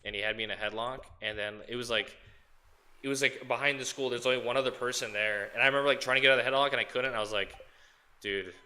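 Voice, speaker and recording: A man hosts a casual game stream, his voice bright and forward. He trades profane, mock-outraged jokes with his chat and his co-host. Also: mid-range voice, steady tone, rapid-fire. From United States.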